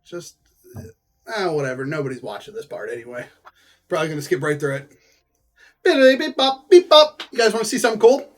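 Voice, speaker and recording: A man's voice: fairly high pitch, animated, fast. A man casually recapping a book at home, rambling with lots of filler words and playful asides to viewers.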